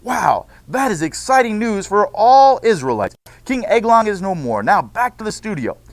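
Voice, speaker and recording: Eager male reporter on the scene, a man reading it out, animated, dry sound. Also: high-pitched, moderate pace, no echo, pitched above the performer's own voice.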